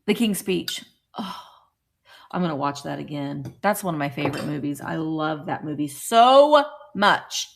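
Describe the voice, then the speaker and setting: A middle-aged woman hosting a casual live stream, chatting with viewers and getting excited over small cute items. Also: deep voice, unhurried, creaky. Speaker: vintage reseller hosting a livestream.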